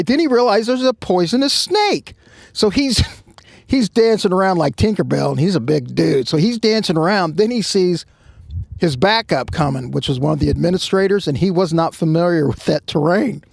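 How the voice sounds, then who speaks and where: A man with a gravelly, fry-edged voice tells a tale outdoors at a truck stop. He is animated and shouts the lines he quotes. His voice sits a little high for a man and sounds dry and close. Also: normal speed, no echo. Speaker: podcast co-host telling a story. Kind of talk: casual storytelling.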